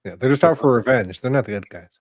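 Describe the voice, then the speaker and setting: A man's voice: mid-range voice, fast, dry recording, clean studio sound. A man co-hosting a casual movie review podcast, chiming in with short joking remarks. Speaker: podcast co-host.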